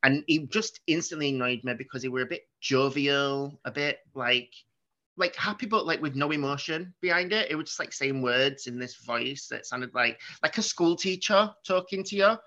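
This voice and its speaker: A man chats through a film review with animated energy and plenty of swearing. His voice is bright and forceful. The recording is a little dull and muffled. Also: mid-range voice, normal speed. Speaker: podcast co-host. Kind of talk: casual chat, film review.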